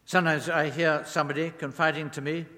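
A man's voice: on the high side, little pitch movement, a little fast, pushed and bright. A man preaching a sermon, leaning on words with rising and falling emphasis. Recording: long reverb of a large hall.

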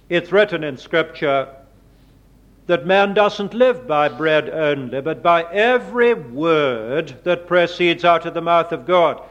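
A man preaching a sermon, slow and deliberate, leaning hard on quoted words. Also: a little high, a bit bright. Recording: dull lo-fi sermon recording.

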